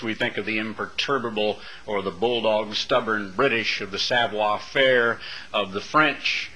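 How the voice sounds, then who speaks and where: A man delivering a rambling, opinionated monologue as a radio talk show host, with many pauses and fillers. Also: on the low side, sharp tone, poor audio.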